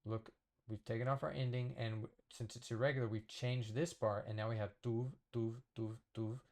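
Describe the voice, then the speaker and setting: A man teaching a casual lesson at a whiteboard, explaining slowly and patiently, often checking with "okay?". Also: mid-range voice, little pitch movement, darkish tone. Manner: slow, patient explaining with fillers and repeated checks. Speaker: Spanish teacher.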